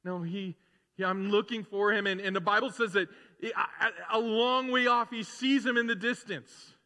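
A man's voice: high voice, moderate pace, big-room sound. A man preaching a sermon in a casual, conversational way, acting out the characters as he retells a story. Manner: animated, acts out characters, conversational asides. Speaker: pastor.

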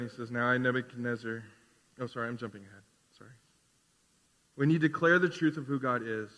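A man preaching a sermon as pastor, animated, swinging between loud declarations and quiet asides. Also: medium pitch, in a large hall. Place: church sanctuary.

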